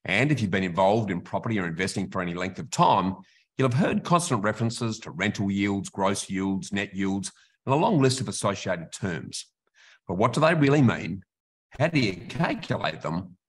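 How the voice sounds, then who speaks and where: A man's voice: fairly low pitch, expressive, moderate pace, breathy edge. Matey Australian male podcast host. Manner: friendly, matey, laughs easily. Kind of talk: casual chat.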